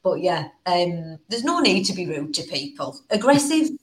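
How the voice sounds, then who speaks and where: Lively Northern woman host, low voice. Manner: animated storytelling, quick exasperated asides. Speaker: podcast host. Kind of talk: casual chat.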